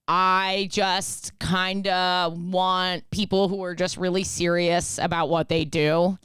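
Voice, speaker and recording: A woman's voice: fairly low pitch, flat delivery, slow, a bit bright, clear, resonant tone, dry recording. A woman co-hosting a podcast in casual chat, giving blunt, opinionated advice. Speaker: podcast co-host. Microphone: studio microphone close up.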